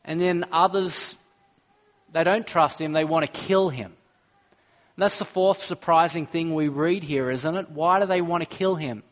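A man's voice: fairly high pitch, normal speed. A man preaching a sermon, earnest, asking the listeners questions and reading scripture aloud.

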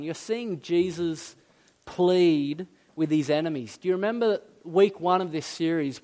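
High-voiced male pastor preaching. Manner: conversational, emphatic, with asides and self-deprecating humor. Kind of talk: sermon.

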